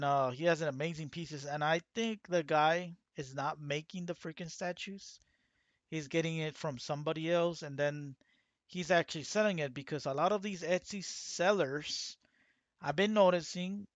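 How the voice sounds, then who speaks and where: A man's voice: on the high side, dry recording, lo-fi sound. A man hosting his own channel, talking casually and rambling with many fillers and restarts. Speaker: channel host. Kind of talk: casual talk to camera.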